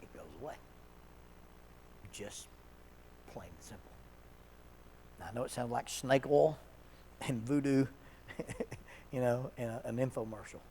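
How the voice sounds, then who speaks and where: A man leading an addiction seminar at a church, talking in a relaxed, conversational way, telling stories and chuckling often. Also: mid-range voice, unhurried, long pauses, a little hiss or hum. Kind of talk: casual seminar talk.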